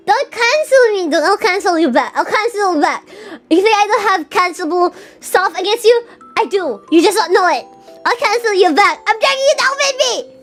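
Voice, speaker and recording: A young woman streaming live, casually chatting with viewers in a playful, teasing way and often stammering over her words. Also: very high voice. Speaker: VTuber streamer. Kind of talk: casual live-stream chat reading super chats.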